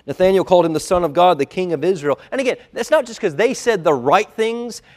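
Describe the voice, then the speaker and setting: Preacher swinging between hush and intensity. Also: male voice, expressive, quick pace. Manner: swings from hushed, low asides to loud, emphatic preaching; acts out quoted lines in a dropped, quiet voice. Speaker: pastor. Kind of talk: sermon. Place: church auditorium.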